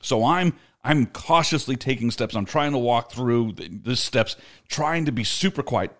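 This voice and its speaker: A man's voice: medium pitch, animated, measured pace, fairly bright tone. A middle-aged man co-hosting a podcast, telling a story in casual chat and laughing often as he talks. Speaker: podcast co-host.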